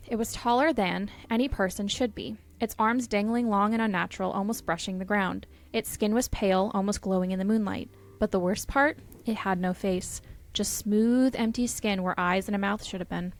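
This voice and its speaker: A woman's voice: mid-range voice, normal speed. A woman co-hosting a podcast, reading spooky stories aloud with dramatic pacing and playful laughter. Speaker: podcast co-host.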